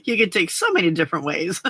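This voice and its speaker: A woman's voice: on the low side, big pitch swings, fast talker, sharp tone, husky, no room sound. An older woman hosting a casual late-night crafting livestream, chatting and laughing often as she answers viewers' comments. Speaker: livestream host.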